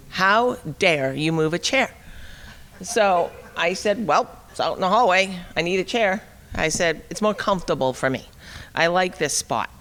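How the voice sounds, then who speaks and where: A middle-aged woman giving an animated, wry storytelling talk at a forum, acting out the dialogue as she goes. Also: low-pitched, a little hiss or hum. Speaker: speaker at a liberty forum. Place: conference hall. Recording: long reverb of a hall.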